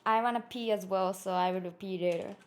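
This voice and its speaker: A woman's voice: mid-range voice, fairly even intonation, a little fast, darkish tone. A woman whose first language is Japanese, chatting playfully on a live stream, giggling and slipping in Japanese phrases. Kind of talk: casual live-stream chat. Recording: echoey room with faint ambient noise.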